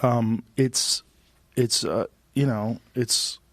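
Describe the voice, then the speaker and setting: Podcast host guy, excitable, swears a lot, fast bursts, dead dry sound. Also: medium pitch, no echo. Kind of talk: casual interview chat.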